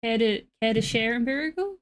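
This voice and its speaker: Aussie lady streamer, casual chatter to chat and pet, middle pitch voice. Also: unhurried. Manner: chatty, talks to chat and her pet in asides.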